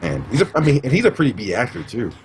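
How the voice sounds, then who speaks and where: A man's voice: medium pitch, huge pitch swings, quick pace, a little hiss or hum. A man co-hosting a podcast in casual chat, asking lots of questions and laughing often. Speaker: podcast co-host.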